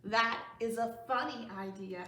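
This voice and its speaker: A woman voicing a cautious, fretful male elephant from a storybook, talking slowly and puzzling things out. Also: on the high side, bright, forceful tone, a little hiss or hum, voice pushed down. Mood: worried. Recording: roomy room, voice a bit off-mic.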